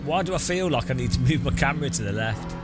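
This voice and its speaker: A man's voice: medium pitch, animated, fast talker, loud music behind the voice. A man rambling casually while streaming a racing game, often restarting his sentences and chuckling. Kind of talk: casual gameplay commentary.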